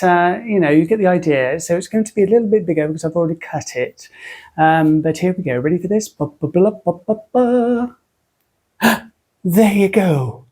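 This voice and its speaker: Dark in tone and husky at a medium pitch, the speaker is a soap-making tutorial host from Britain. Her talk is loose, rambling tutorial chatter, self-deprecating and delivered partly in a jokey put-on voice.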